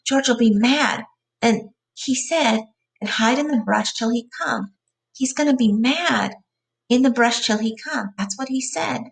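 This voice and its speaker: Big simple childlike farmhand guy, read by a woman, slow drawl, gravelly tone. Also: mid-range voice, lively intonation. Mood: frightened.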